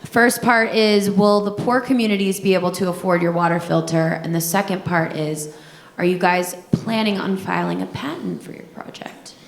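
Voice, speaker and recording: A woman's voice: on the low side, moderate pace, gravelly, reverberant. A woman moderating a live event, reading audience questions and cheering on the teams. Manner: upbeat, cheering. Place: large event hall.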